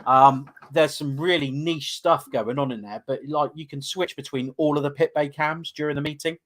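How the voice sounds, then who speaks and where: A man's voice: a little high, fairly even intonation, moderate pace, fairly bright tone. A man co-hosting a casual fan podcast, rambling and enthusiastic with lots of fillers. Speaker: podcast co-host.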